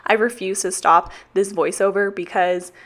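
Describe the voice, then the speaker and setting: A woman's voice: mid-range voice, steady tone, normal speed, fairly bright tone. A young woman with a Texan accent talks through a casual voiceover. She is chatty and self-mocking, swears freely, and sounds a little out of breath. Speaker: planner vlogger.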